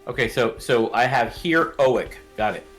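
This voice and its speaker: A man's voice: medium pitch, measured pace, fairly bright tone, soft background music. A man taking part as a player in a playful casual chat.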